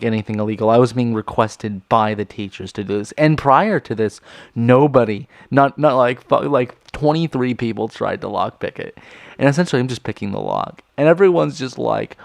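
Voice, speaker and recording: A man's voice: medium pitch, dry recording. A young man casually telling a storytime vlog, rambling with lots of fillers and constant swearing. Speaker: vlogger telling a school story.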